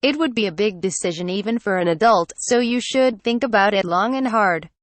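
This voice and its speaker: A woman's voice: mid-range voice, brisk, no room sound, close to an everyday voice. A woman reading the lines of a caring, sensible noblewoman in a light novel audiobook, kindly but firmly.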